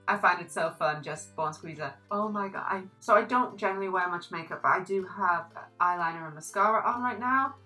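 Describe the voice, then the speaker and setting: A young woman reviewing a book in a casual, animated vlog, gushing about characters and reading quotes aloud. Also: fairly low pitch, brisk, soft background music, low-quality recording.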